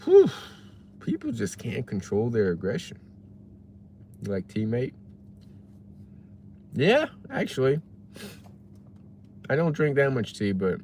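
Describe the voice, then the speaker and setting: A man's voice: lowish voice, darkish tone, a little hiss or hum. A man casually chatting on a livestream, musing and reading chat messages aloud from his parked car. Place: parked car while waiting for delivery orders.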